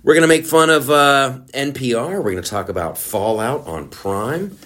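A man's voice: mid-range voice, animated, moderate pace, a bit bright. A male host rambling through a casual, sarcastic comedic monologue, with many restarts. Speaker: show host.

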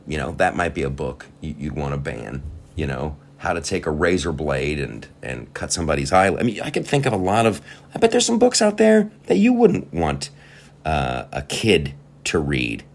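A podcast host with a very deep, sing-song voice delivers a profane, sarcastic comedy rant at normal speed, breaking into laughing asides. Faint guitar music plays behind him.

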